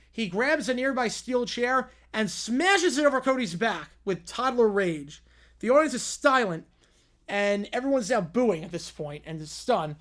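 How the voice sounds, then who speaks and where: Male stream host, high voice, reads viewer stories with quick asides. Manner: quick, animated reading with asides. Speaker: livestream host. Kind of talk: reading viewer stories with commentary.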